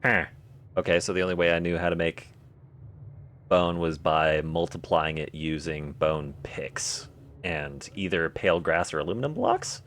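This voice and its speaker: Deep-voiced joking male streamer. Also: moderate pace, a bit bright. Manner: joking, thinks aloud and answers chat. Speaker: game streamer. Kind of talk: casual live-stream chat while playing.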